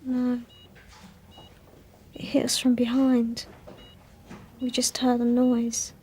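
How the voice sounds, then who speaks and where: An actress playing a shaken young woman witness who answers quietly and hesitantly. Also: a little high, monotone, slow pace, a little hiss or hum.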